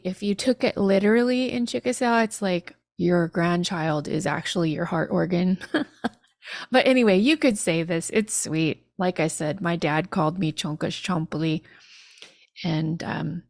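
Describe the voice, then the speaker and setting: A woman's voice: medium pitch, measured pace, creaky, a little mellow, no echo, studio quality. A woman teaching phrases in a live-streamed language lesson, chatty and laughing at literal translations.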